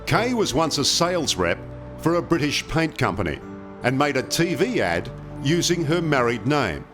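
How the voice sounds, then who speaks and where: A man narrating a TV news story in a measured, scripted way. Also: mid-range voice, big pitch swings. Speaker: reporter and narrator. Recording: narration over music.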